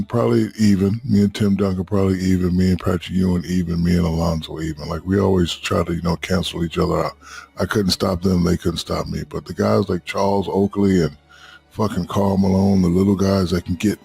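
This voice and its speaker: A man's voice: sits low, level tone, fairly quick, creaky, warm tone, slightly rough, faint music behind. A middle-aged man telling loose, profane stories as a podcast guest in casual chat.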